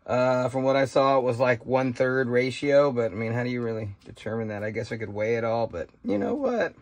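A man's voice: medium pitch, brisk. A man casually showing how he harvests and prepares berries, talking in a folksy, rambling way full of fillers and asides. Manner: rambling, folksy, thinks out loud with many fillers. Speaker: homesteading vlogger. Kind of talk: casual outdoor how-to vlog. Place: outdoors by trees, then a kitchen.

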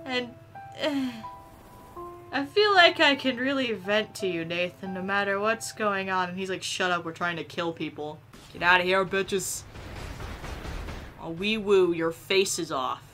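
A woman giving silly, animated let's-play commentary, chatting to the game characters as she plays. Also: medium pitch, measured pace, long pauses, soft background music. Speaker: gameplay commentator.

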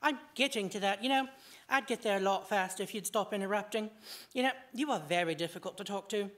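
Woman doing excitable scatterbrained male hatter, rambling, high and loud, story reading. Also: fast, lightly acted. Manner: rambling, jumping between topics.

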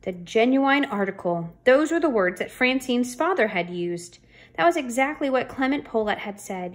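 A woman reading a children's chapter book aloud, chatty asides and lively, playful changes of voice for the characters. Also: mid-range voice, normal speed. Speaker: storybook reader.

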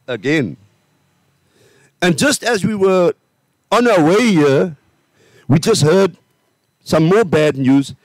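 A man's voice: high voice, no echo. A man preaching a funeral sermon as pastor, with rising emphatic declarations and calls for the audience to respond. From South Africa. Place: outdoor cemetery funeral service.

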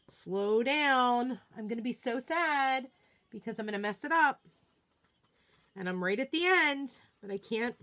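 A fairly high-voiced woman streaming a live craft session. She gushes and chats to herself as she works, plainly excited about the project. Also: measured pace. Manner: excitable, gushing, talks to herself while working. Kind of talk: live crafting demo, chatty self-talk.

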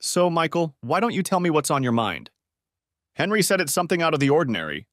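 A man voicing a confident, charming young woman who talks in a smooth, self-assured way. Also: on the high side, very animated, fast talker, fairly bright tone, dry recording, clean studio sound, voice pushed up.

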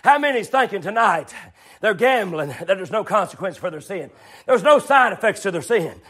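High-voiced preacher shouting a fiery sermon. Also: male voice, sing-song, moderate pace, husky. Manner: repetitive, shouting refrains, folksy.

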